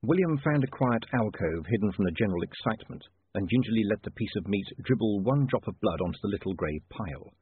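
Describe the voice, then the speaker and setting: Male audiobook narrator, lively delivery, slightly husky, lo-fi phone sound. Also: lowish voice, quick pace, few pauses, dry recording. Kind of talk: scripted narration. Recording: tinny dry phone-like line.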